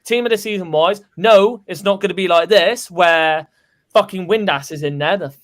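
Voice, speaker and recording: High-voiced jokey English man. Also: a bit bright. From England. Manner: jokey, quick banter with fillers. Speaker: co-host. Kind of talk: casual fan podcast chat.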